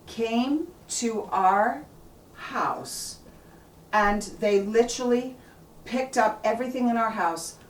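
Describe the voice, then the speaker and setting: A woman's voice: on the high side, takes it slowly, distant mic, slight background noise. A middle-aged woman, telling a personal story in an earnest, rambling way with many restarts. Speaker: blogger telling a family story. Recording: echoey room, voice a bit off-mic.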